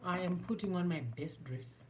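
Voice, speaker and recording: Casually chatting through a makeup tutorial, a Zimbabwean beauty vlogger speaks with a Zimbabwean accent in a lowish voice at a moderate pace. She's self-mocking and code-switches between English and Shona.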